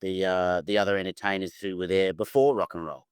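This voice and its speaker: An Australian man talking as a guest in a relaxed interview, telling stories with plenty of restarts. His voice is low, smooth and resonant, and the sound is close and dry. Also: a little fast, dry recording. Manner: chatty, storytelling, frequent restarts. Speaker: musician guest. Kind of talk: casual interview chat.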